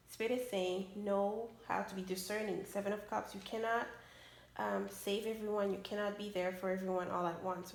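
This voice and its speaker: A woman giving a casual tarot reading who is losing her voice, halting often with "um" and tagging her points with a questioning "okay?". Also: mid-range voice, gravelly, darkish tone, a little hiss or hum. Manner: tags many phrases with a questioning "okay?"; hesitant, with frequent "um" and restarts. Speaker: tarot reader. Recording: roomy echoey room.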